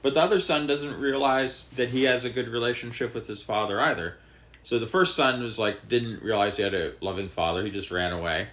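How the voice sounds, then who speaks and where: A man's voice: mid-range voice, brisk, a bit bright. A man co-hosting a podcast, retelling a parable in loose, rambling casual talk. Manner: rambling, many fillers and restarts, explaining a parable. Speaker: podcast co-host. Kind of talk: casual chat.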